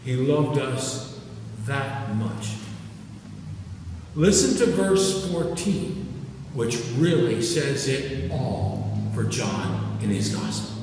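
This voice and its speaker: Older guy pastor preaching slow in a big echoey church, mic far off, bit of hiss. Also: medium pitch. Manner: lively and emotional, swinging from loud to hushed. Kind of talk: sermon. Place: church sanctuary.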